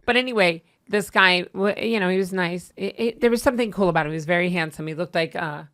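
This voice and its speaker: Chatty woman telling a dating story on a podcast, lowish voice, acts out the quotes. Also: quick pace, fairly bright tone. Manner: chatty, self-deprecating, laughing, acts out quotes. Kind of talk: casual chat.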